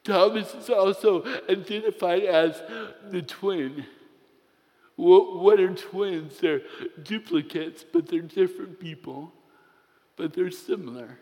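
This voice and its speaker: Slow, high-voiced male preacher in a hall. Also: a little mellow. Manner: slow, storytelling with playful humor. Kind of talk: sermon with personal story. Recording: long reverb of a large hall.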